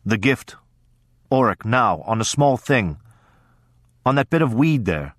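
A grave, terse father, brief and dry in speech, stern but tender underneath, played by a male narrator. The voice sits at an ordinary middle pitch. Dry, close recording. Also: big pitch swings, measured pace, no room sound.

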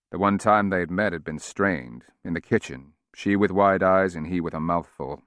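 Man, audiobook narration, deep voice, measured delivery, dry close recording. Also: a bit bright, no room sound.

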